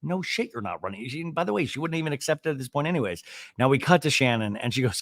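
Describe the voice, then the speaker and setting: Brief: animated male podcast host, gossipy recap, dry close mic. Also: medium pitch, quick pace, dry recording. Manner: animated, gossipy, acts out quotes. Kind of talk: casual reality-show recap.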